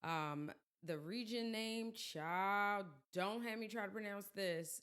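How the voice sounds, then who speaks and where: A woman hosting a podcast in casual chat, her voice crackly and hoarse as she gets over being sick, talking in chatty, self-deprecating asides. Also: mid-range voice, slow, few pauses, fairly bright tone. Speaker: podcast host.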